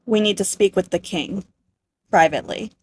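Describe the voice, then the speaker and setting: A woman voicing a serious duke who talks in a hushed, earnest way for a life-sim game playthrough. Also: medium pitch, moderate pace, slight background noise, lightly acted. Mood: grave. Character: serious scheming duke, calm and grave.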